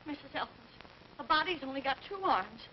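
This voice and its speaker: A put-upon housemaid grumbles in folksy, ungrammatical talk. Her voice sits high. The 1940s film soundtrack is dull with a faint hiss. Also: animated, fairly quick. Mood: complaining. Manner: folksy grumbling, rough grammar. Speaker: maid.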